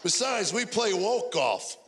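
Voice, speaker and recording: A man in his sixties performing a fast stand-up routine, telling stories and acting out his wife's lines. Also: high voice, big pitch swings. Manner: rapid-fire storytelling, mimics wife in dialogue. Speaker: stand-up comedian. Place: comedy stage before a live audience. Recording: crowd laughter and faint noise.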